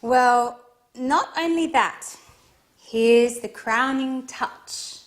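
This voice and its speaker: A woman's voice: high voice, very slow. An actress playing Alice, a young woman in love, in scripted dialogue for English learners. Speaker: actress in a teaching drama.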